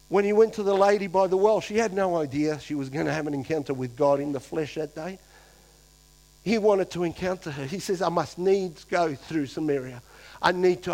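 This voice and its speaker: A pastor preaching a lively sermon to his church, acting out quoted voices and swinging between loud and hushed. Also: high voice, rough recording.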